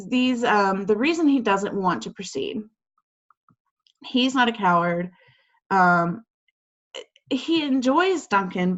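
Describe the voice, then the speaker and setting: A woman's voice: medium pitch, muffled recording. A woman teacher talking a class through quiz questions over a video call in a casual, chatty way, with lots of fillers and acted-out quotes.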